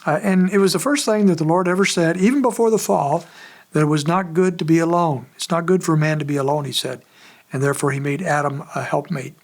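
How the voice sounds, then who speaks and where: Higher-pitched male pastor, conversational, unhurried expository sermon. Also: fairly even intonation. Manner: conversational, measured preaching with frequent pauses.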